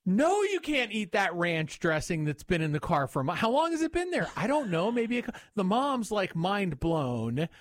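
A talk-radio host telling a story in animated, casual chat. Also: medium pitch, moderate pace, hardly any pauses, dry recording, clean studio sound.

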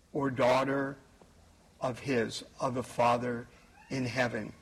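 Priest, male, slow deliberate homily, slightly husky tone, leans on key words. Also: on the high side, a bit bright, poor audio. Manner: slow, measured preaching with pauses and emphasis. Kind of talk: homily at Mass.

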